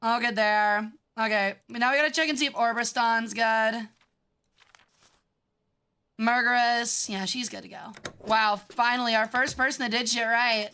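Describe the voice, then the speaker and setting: A woman streaming a game with casual commentary. She sounds bratty, swears freely and reacts fast. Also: fairly high pitch, steady tone, pushed and bright, smooth.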